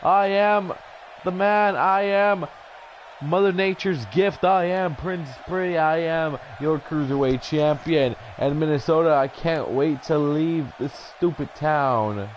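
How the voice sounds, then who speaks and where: A smug, preening wrestling heel champion, delivered in a somewhat raised voice as a man puts him on. He talks down to the crowd in a pompous, taunting way and breaks into shouts at times. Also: on the high side, slow pace, a little hiss or hum, poor audio. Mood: smug insulting. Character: vain arrogant male wrestling champion heel. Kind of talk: improvised wrestling promo over a video game.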